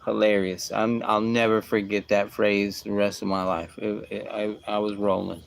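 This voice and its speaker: A man's voice: level tone, normal speed, creaky. A man telling a casual story, rambling along with asides and restarts. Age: adult with a young son. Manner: rambling, full of asides like "whatever" and "boom".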